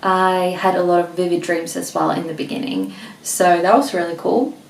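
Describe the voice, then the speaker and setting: A young Swedish woman with a lowish, gravelly voice rambles through a casual vlog, slightly out of breath, full of restarts and fillers, at a moderate pace and fairly even intonation. She's recorded from a distance in an echoey room with the mic set back and slight background noise.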